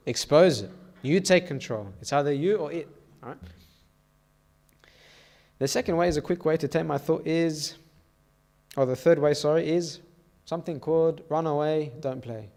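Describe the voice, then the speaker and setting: A man's voice: fairly high pitch, a little mellow. A man giving a sermon to a youth meeting in a church, telling stories and often checking in with "okay?" and "all right?".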